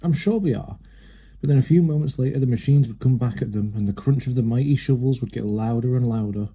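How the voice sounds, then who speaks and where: A man narrating a children's storybook aloud with a steady, lively manner. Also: mid-range voice, quick pace, slightly rough. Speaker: reader.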